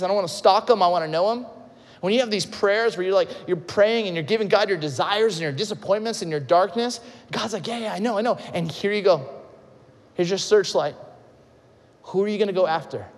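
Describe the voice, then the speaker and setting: A man preaching a sermon, telling stories with lively acted-out quotes and shifts between loud and soft. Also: high-pitched, big-room sound. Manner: animated storytelling, acts out quotes, swings loud and soft. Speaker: pastor. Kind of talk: sermon with storytelling.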